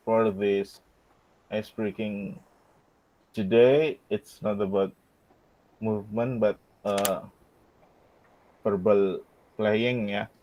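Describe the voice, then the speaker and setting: Slow halting Indonesian man on a call. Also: fairly low pitch, dull audio. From Kebumen, Central Java, Indonesia. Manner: relaxed, halting, many fillers and "ya" tags. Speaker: teacher trainee leading an ice-breaker. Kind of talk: online class, casual instructions. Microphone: video call.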